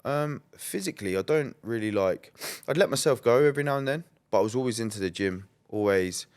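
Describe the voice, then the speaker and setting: A man's voice: mid-range voice, lively intonation, fairly quick, darkish tone, clean tone. A man, a podcast guest, talking candidly and bluntly in a rambling, conversational way full of "like" and "um". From England. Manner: rambling, many "like" and "um" fillers, blunt and swearing.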